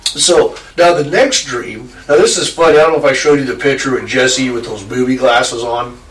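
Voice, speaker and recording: A man's voice: mid-range voice, moderate pace. Rambling man in an echoey room. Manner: rambling, laughing, swears freely. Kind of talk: casual storytelling. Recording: echoey room, distant mic, faint noise.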